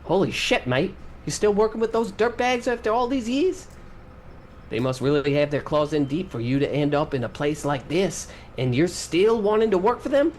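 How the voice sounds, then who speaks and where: A man's voice: fairly high pitch, a little hiss or hum, natural voice. A man doing a foul-mouthed cranky New Zealand radio host. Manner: swears constantly, bleeped, calls everyone mate.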